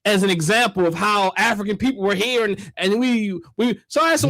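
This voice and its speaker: A man hosting a casual call-in conversation, telling a story in an animated way, laughing often and acting out what others said. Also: sits high, fairly quick, no echo. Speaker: host.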